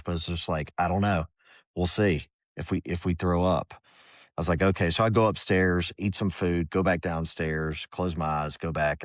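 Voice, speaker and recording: A middle-aged man with a deep voice, a former Army Ranger appearing as a podcast guest, shares his story casually and at great length. He's relaxed and rambling, frequently breaking into quoted inner voices. Clean studio sound, no echo.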